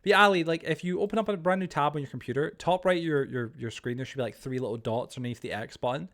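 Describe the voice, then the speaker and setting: A man's voice: on the high side, quick pace, a bit bright. Rambling, joking male game streamer. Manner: rambling, full of "like" and "bro"; joking and teasing. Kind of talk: casual live-stream chat while playing.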